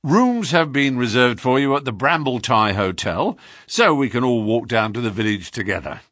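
A man's voice: mid-range voice, expressive, normal speed, a bit bright, no echo, clean studio sound. A man reading an audiobook, voicing a young police inspector who speaks sternly and with smug formality. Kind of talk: audiobook character voice.

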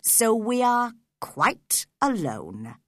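A woman reading aloud and voicing a cruel, scheming man in a low, quiet, controlled voice. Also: huge pitch swings, very slow, dry recording, clean studio sound, exaggerated voice. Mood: cold, menacing.

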